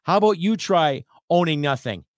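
A man's voice: a little high, animated, moderate pace, no room sound, studio quality. A man from Canada hosting a podcast, delivering an angry, sarcastic rant with some swearing. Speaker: podcast host. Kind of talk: ranting podcast monologue.

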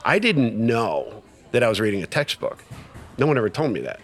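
A guest telling his recovery story, a middle-aged man with a mid-range voice, talks at a normal speed. His casual, animated account is packed with fillers and acted-out quoted dialogue.

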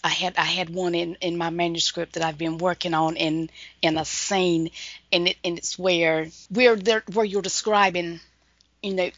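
A woman's voice: lowish voice, steady tone, moderate pace, a bit bright, no room sound. A woman author with a Southern North Carolina accent, chatting in an interview in a folksy, rambling way and laughing often. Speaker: author, guest. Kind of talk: casual interview chat. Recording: dull lo-fi dry recording.

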